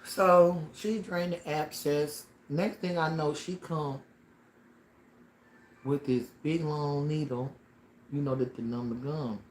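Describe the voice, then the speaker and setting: A man telling a personal story on a casual livestream, dramatic and animated, with slang and sound effects. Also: on the high side, slow, slight background noise. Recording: roomy echo with faint ambience.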